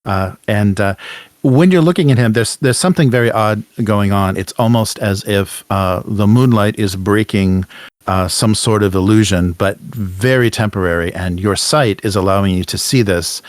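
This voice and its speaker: A man narrating as game master in a tabletop game, halting, with many fillers and restarts. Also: lowish voice, dry recording.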